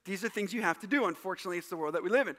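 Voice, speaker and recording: A man from Wisconsin, a pastor preaching a casual sermon to a live congregation, joking and telling stories in an animated way. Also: sits high, very fast. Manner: jokey, animated, teasing the congregation. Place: church service before a live congregation.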